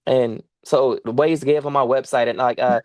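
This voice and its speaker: A man's voice: medium pitch, fairly even intonation, normal speed, a little mellow, no room sound. A man speaking as a guest on a livestream interview, earnest and pleading, repeating himself for emphasis over a video call. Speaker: guest, farmer and sanctuary owner.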